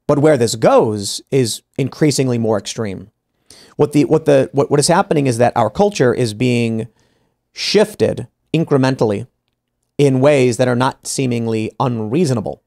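A man hosting an opinionated podcast discussion in a studio. His mid-pitched voice is gravelly, with frequent vocal fry. He argues his point with many restarts and breaks into voicing other people. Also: moderate pace, a little mellow. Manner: argumentative, many restarts, acts out quoted people. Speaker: podcast host. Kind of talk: opinionated panel talk.

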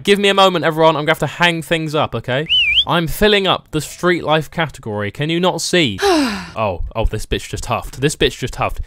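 A man's voice: mid-range voice, a bit bright, no room sound, clean studio sound. A man doing comedic let's-play commentary, sarcastic and playfully rude, bursting into mock outrage. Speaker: gaming YouTuber.

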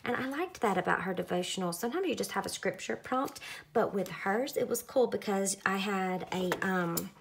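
Chatty young woman, lowish voice. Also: slight background noise. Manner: chatty, relaxed, lots of fillers. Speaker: craft vlogger. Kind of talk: casual narrated craft tutorial.

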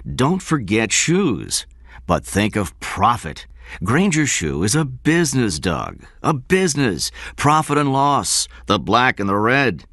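A man voicing a muscular male fashion designer in his forties who talks quickly and emphatically in an audiobook reading. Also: medium pitch, very animated, a bit bright, no room sound, clean studio sound, voice pushed up, heavily acted. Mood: emphatic.

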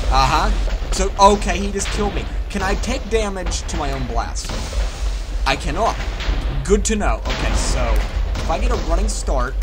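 Game host, male, excitable and self-mocking, voice jumping all over, loud game music underneath. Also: sits high. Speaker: gaming channel host. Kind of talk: casual let's-play commentary. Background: loud game music and explosions.

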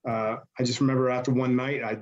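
Male interview guest, casual rambling storyteller, average pitch, dull recording. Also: flat delivery, quick pace. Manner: rambling, lots of fillers.

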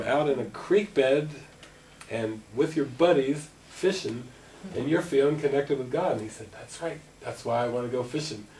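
A middle-aged man giving a spiritual talk to a gathering, telling stories and acting out conversations. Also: mid-range voice. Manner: animated storyteller, acting out dialogue. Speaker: spiritual teacher. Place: meeting room at a gathering. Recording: distant mic with faint noise.

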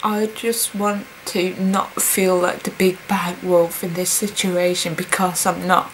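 A young woman speaking in a personal confessional vlog, hesitant and halting, with many pauses and fillers. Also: lowish voice, level tone, slight background noise, low-quality recording. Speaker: vlogger.

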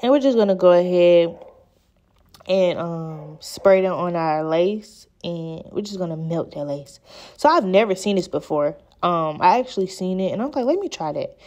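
Young woman, beauty vlogger, chatty, exasperated, slightly low voice. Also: animated, moderate pace, a little mellow, lo-fi sound. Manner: exasperated, chatty, addresses viewers as girl and y'all. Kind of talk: casual talk-through hair tutorial. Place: home room at a mirror.

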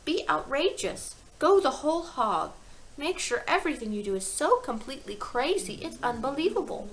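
A woman voicing a clever, calm little schoolgirl who explains things earnestly. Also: sits high, normal speed, slight background noise, pitched above the performer's own voice, low-quality recording.

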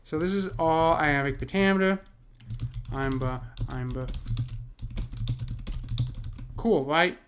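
A man teaching poetic meter in a casual, chatty way, full of ums and quick check-ins with the viewer, and reading verse slowly. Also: a little high, noisy background. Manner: loose and chatty, many ums and "cool, right?"; slow, deliberate reading of verse. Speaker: poetry teacher. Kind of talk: casual screen-share lesson with poem reading.

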